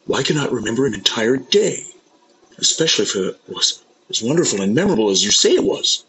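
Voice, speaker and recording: A man's voice: mid-range voice, sing-song, a little fast, fairly bright tone, slight background noise, low-quality recording. A man playing a bewildered, paranoid husband. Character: paranoid, confused husband in a skit. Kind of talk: scripted sketch acting.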